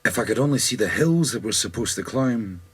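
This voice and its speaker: A man with a Scottish accent playing a bewildered Highlander adrift in space, speaking a searching ad-lib for a rock opera. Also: lively intonation, brisk, husky. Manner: searching, wondering ad-lib speech.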